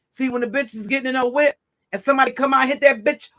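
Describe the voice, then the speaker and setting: A woman's voice: high-pitched, racing, bright, forceful tone. A woman hosting a livestream, delivering a confrontational, profane, taunting rant at her chat. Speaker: livestream host. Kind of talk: ranting livestream monologue.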